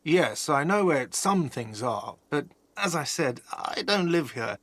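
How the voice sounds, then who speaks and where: A man's voice: fairly high pitch, big pitch swings, unhurried, fairly bright tone, no room sound, heavily acted. An actor playing a prickly middle-aged male cafeteria manager in a video game, irritable and defensive. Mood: grumpy.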